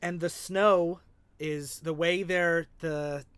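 A man's voice: on the high side, steady tone, takes it slowly, fairly bright tone, clean tone, no echo. A man in casual conversation, retelling a comic plot and acting out quoted lines, laughing often. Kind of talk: casual comic-book recap chat.

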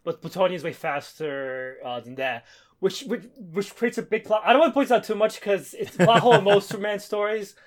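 A man's voice: high-pitched, fairly quick. A man co-hosting a casual podcast, talking hesitantly with many restarts while picking apart plot logic. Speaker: podcast co-host. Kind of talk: casual chat.

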